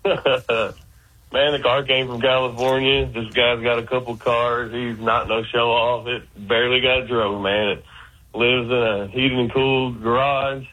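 A man's voice: medium pitch, level tone, unhurried, sharp tone, poor audio. A man with an Arkansas accent calling a radio show, talking in an earnest, rambling way. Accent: Arkansas Southern. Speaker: caller. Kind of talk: phone call to radio show.

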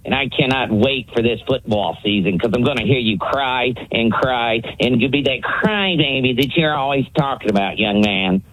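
A man's voice: mid-range voice, normal speed, few pauses, fairly bright tone, lo-fi sound. A man calling in to a sports radio show, ranting and taunting in a bombastic way. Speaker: caller. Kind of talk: call-in radio rant.

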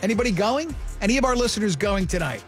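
High-voiced joking radio host man. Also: sing-song, faint music behind. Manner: joking, quick questions, skeptical. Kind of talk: casual radio banter. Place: radio studio.

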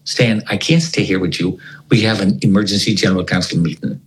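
A man's voice: fairly low pitch, brisk, hardly any pauses, poor audio. A man telling a dramatic personal story as a guest in an interview, acting out the voices of the people in it. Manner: animated storyteller who acts out the voices of people in his story.

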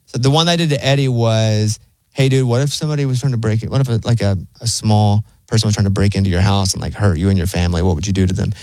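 A man's voice: fairly low pitch, fast talker, mellow, dry recording. A man hosting casual studio banter, telling stories and mimicking other people's voices.

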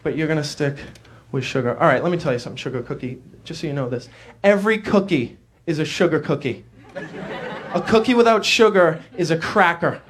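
A man's voice: a little high, fairly quick. A man doing a stand-up comedy bit in a mock-indignant way, scolding the things he talks about.

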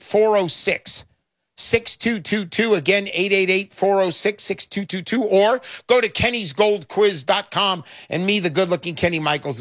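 A man's voice: sits high, a bit bright, dry recording. A middle-aged man hosting a radio talk show, brash and emphatic, repeating his lines for effect. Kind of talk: talk radio with sales pitch.

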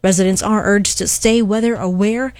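A woman reading local and national news headlines on the radio in an even, crisp delivery. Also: mid-range voice, normal speed, no room sound. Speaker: news anchor.

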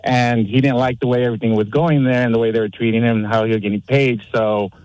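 A man in his thirties calls in and tells his story in a relaxed, matter-of-fact way. He sits at an ordinary middle pitch. The sound is dry and close, with no room around it. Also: fast talker, no echo, low-quality recording. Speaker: caller. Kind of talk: casual phone storytelling.

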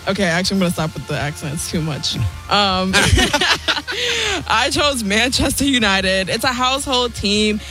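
On a sports radio show, a woman gives soccer picks as part of the team, chatting playfully with a giggly manner. Her medium-pitched voice is animated, brisk, and a bit bright, with soft music behind her.

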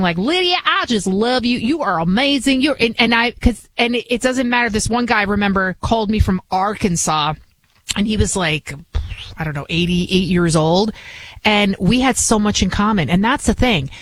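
A woman's voice: medium pitch, poor audio. A woman with a Bronx New York accent, hosting a radio talk show in a chatty, emphatic, rambling way. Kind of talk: casual talk radio monologue.

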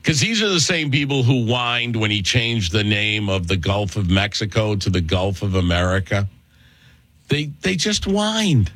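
A man hosting a political talk radio show, speaking in a sarcastic, mocking tone with sudden jumps up in pitch. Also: normal speed, hardly any pauses, a bit bright, dry recording.

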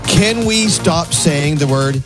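A man's voice: fairly high pitch, lively intonation, slow, loud music behind the voice. A man hosting a morning radio show, chatting casually with his co-hosts in a playfully exaggerated way. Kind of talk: casual studio banter. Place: radio studio.

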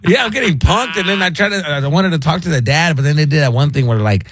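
A man's voice: a little high, fast, husky, no room sound. A young man calling in to a show, telling a rambling story and acting out the voices in it. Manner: rambling, animated, acts out voices in his story. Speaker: caller.

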